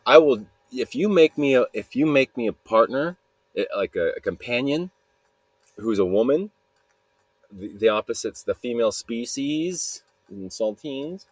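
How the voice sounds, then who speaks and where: A man voicing a lonely, pushy male monster who pleads in a halting, wheedling way. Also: medium pitch, expressive, dry recording. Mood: pleading. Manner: wheedling, halting, casual retelling.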